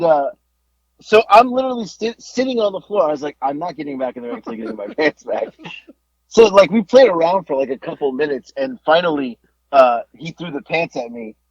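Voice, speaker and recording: A man co-hosting a podcast, telling a wrestling story in a casual, animated way, laughing and swearing as he goes. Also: on the high side, vocal fry, no room sound, dull audio.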